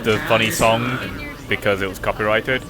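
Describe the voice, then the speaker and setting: A somewhat low-pitched man talks casually backstage, rambling and swearing offhand as he goes through music cues. Game music plays clearly behind him. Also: fairly even intonation, brisk. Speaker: music cue operator for a roleplay event.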